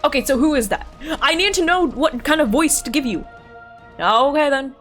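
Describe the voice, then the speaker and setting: A young woman streaming a game, chatting casually, thinking out loud and laughing often while switching between voices. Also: sits high, expressive, normal speed, soft background music. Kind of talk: casual gaming commentary, reading dialogue aloud.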